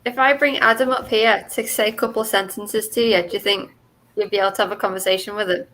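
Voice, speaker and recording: A woman's voice: medium pitch, fairly even intonation, quick pace, a bit bright, low-quality recording. A woman from the north west of England with a Scouse accent, chatting easily as a co-host. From Skelmersdale, England. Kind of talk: casual chat on a livestream.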